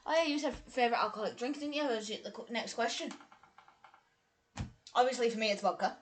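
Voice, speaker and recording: A woman's voice: on the high side, quick pace, a little hiss or hum. Chatty, slightly tipsy woman. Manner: chatty, self-deprecating, laughs easily. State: a little tipsy. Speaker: streamer. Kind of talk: casual live-stream chat.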